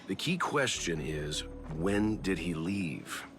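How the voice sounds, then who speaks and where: An actor playing a calm, formal older male investigator in a video game, speaking slowly and deliberately. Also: low voice. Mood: steady. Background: game music.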